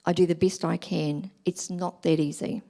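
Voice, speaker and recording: Tired defensive husband, low gravelly voice, a New woman acts it out. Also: fairly even intonation, normal speed, warm tone. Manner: defensive, pushing back.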